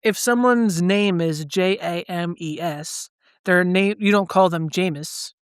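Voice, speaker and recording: A man with a high voice speaks at a measured pace with a clean tone, recorded dry in a clean studio. He co-hosts a podcast, casually rambling through his stories in a loose way with lots of "like."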